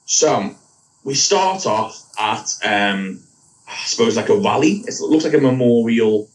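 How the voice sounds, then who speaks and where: A man's voice: medium pitch, lively intonation, measured pace. A man co-hosting a podcast, recapping an episode in a rambling casual way and correcting himself as he goes. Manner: rambling, self-correcting, laughs at own slips. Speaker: podcast co-host. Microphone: wrong mic picking him up from afar. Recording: distant from the mic.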